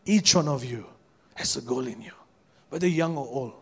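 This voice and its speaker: A man, a pastor preaching a sermon in church. He moves from quiet storytelling to fervent preaching and often repeats or restarts his words. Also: mid-range voice, expressive, moderate pace.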